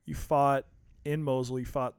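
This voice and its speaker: A man's voice: mid-range voice, little pitch movement, measured pace, clean tone, no echo, clean studio sound. Male podcast host asking direct questions. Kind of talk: interview questions.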